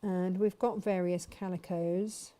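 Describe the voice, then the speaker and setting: A woman's voice: on the low side, fairly even intonation, takes it slowly, background noise. A woman chatting casually as she demonstrates sewing and answers viewers' questions. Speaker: sewing teacher and shop host.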